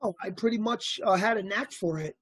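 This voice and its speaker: Male interview guest, husky and lively, telling anecdotes in a dry, close recording. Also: high voice, fairly quick, no echo. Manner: animated anecdotal storyteller, acts out quotes. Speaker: actor guest. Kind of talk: casual storytelling interview.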